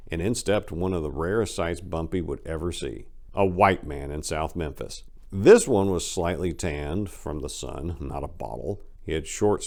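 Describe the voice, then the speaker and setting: Deep-voiced man giving a dramatic reading. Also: creaky. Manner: expressive, theatrical narration. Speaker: writer and channel host.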